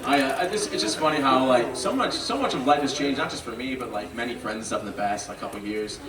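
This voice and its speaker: A man doing a stand-up set, talking in a halting, rambling way full of fillers. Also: mid-range voice. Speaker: stand-up comedian. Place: comedy venue stage with a live audience. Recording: roomy, distant mic, loud crowd and noise.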